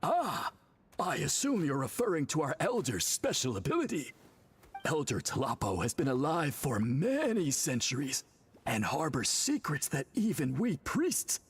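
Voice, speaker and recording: A man voicing a polite, formal tribal priest in a video game, courteous and measured. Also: mid-range voice, slightly rough, heavily acted. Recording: game audio with faint music.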